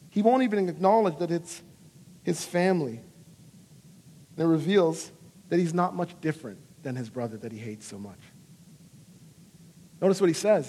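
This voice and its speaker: A man in his thirties preaching a sermon as a pastor, earnest and animated, acting out quoted lines with feeling. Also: fairly high pitch, husky, in a large hall.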